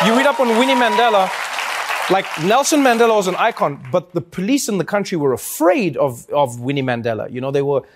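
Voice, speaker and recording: A man with a South African accent telling comic stories to an audience, acting out voices with big jumps in pitch. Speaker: talk show host. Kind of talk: storytelling to a live audience.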